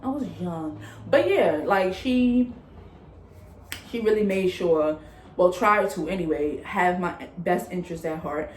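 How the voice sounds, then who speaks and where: A woman's voice: on the low side, a little slow, slight background noise. A young woman telling a personal story in a candid, chatty way, acting out what others said. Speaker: vlogger. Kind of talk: casual storytime. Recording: echoey room with faint ambience.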